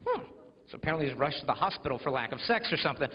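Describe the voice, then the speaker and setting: A man's voice: on the high side, very animated, very fast. A young American man in his twenties gives a humorous motivational talk at a school assembly, joking and acting out other people's voices. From United States. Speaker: abstinence speaker at a school assembly. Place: large school hall. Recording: echoey hall, dull lo-fi sound.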